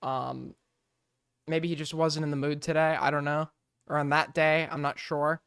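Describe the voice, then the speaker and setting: Male streamer, smooth voice, dry close mic, sarcastic and sweary. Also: on the high side, flat delivery, normal speed, fairly bright tone, no room sound. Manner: joking, sarcastic, rambling, swears a lot. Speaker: streamer reacting to a clip. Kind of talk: casual reaction commentary.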